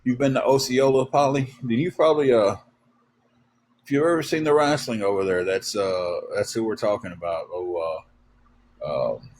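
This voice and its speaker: Low-voiced man rambling. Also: a little mellow. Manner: rambling, halting, many fillers. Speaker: livestream host. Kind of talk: casual storytelling chat.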